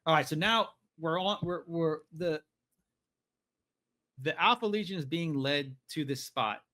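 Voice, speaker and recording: A man's voice: fairly high pitch, measured pace, pushed and bright. A man hosting a podcast, casually recapping a novel in a rambling way, with lots of fillers and some swearing. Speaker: podcast host.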